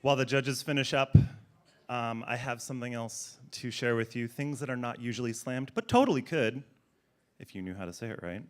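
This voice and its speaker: A man's voice: medium pitch, fairly quick. A man emceeing a school poetry slam, playful, with joking asides between poets. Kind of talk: emceeing a live event. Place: school event hall.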